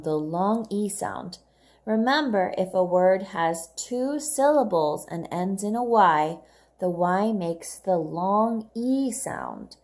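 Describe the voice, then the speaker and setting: Brief: woman teacher, unhurried, clear children's reading lesson, patient questioning. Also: medium pitch, darkish tone. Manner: slow, patient, asks questions and praises answers. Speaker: English teacher.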